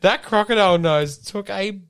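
A man's voice: sits high, normal speed, fairly bright tone, smooth. A young man co-hosting a podcast, joking and laughing through casual banter. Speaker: podcast co-host. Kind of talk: casual chat.

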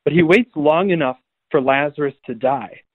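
Priest guest on a phone line, higher voice, lively storyteller who does the voices. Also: male voice, normal speed, no room sound. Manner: animated storytelling, acts out quoted voices. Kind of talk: conversational radio talk on faith. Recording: tinny phone line, dry.

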